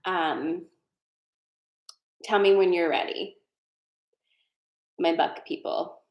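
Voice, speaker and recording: A woman's voice: lowish voice, fairly even intonation, drawn-out words, muffled recording. Woman, tarot reader, casual live-stream chat, digressive, laughs a lot, echoey. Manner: chatty and digressive, laughs often. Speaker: tarot card reader hosting a live session. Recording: roomy echo.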